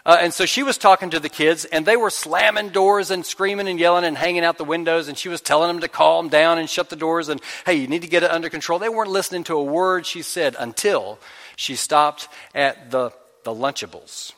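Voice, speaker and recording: A man preaches from the pulpit in a church sanctuary, his slightly high voice carried by a long, ringing reverb. He talks to his congregation casually, telling stories and voicing their inner doubts. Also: fairly quick, fairly bright tone. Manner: conversational storytelling with acted-out inner voices. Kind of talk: sermon.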